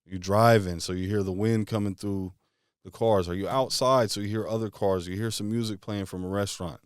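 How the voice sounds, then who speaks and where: A man with a very deep voice leads a guided visualization, asking one casual question after another. His voice sounds close and dry, with no room around it. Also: fairly even intonation, clear, resonant tone, no room sound. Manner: string of rapid questions, casual phrasing. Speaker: motivational speaker.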